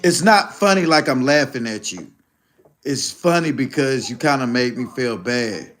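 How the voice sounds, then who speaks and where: A man's voice: mid-range voice, animated, normal speed, a bit bright. A man hosting a casual livestream, talking to his chat in a rambling, profane way and laughing often. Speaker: livestream host.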